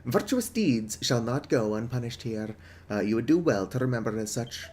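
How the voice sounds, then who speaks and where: Dude doing a pompous game warden, grand and mocking, voice pushed a bit higher. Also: male voice, lively intonation, moderate pace, a little mellow, slight background noise, natural voice. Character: pompous male prison warden, cold and theatrical.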